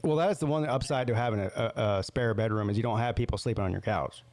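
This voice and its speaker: Male host, blunt and ribbing, relaxed chat delivery. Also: fairly low pitch, fast talker. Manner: teasing, blunt, swears casually. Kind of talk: casual chat.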